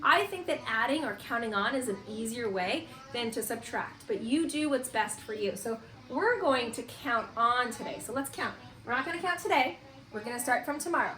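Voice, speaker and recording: A woman teacher leading a distance-learning morning meeting for young children, in a slow, sing-song, encouraging voice. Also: fairly high pitch, expressive, bright, forceful tone. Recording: echoey room with faint hiss.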